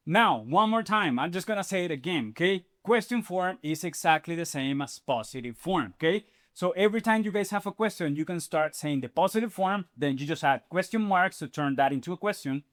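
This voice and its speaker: A man teaching a Spanish grammar lesson in an energetic, step-by-step way, often checking in with "okay?" and "right?". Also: high voice. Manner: explains step by step, addressing viewers as "you guys". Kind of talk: online language lesson.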